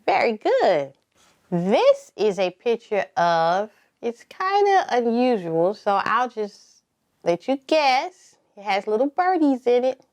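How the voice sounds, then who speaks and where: A woman leading a preschool circle time lesson, talking slowly and encouragingly and spelling words out letter by letter. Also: a little high, very animated, darkish tone. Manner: slow, sing-song and encouraging, spelling letter by letter. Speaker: preschool teacher.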